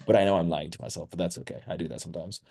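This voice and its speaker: A man's voice: sits low, fairly even intonation, rapid-fire, creaky, dark tone. A man running an online sales training call, blunt, with crude teasing humor.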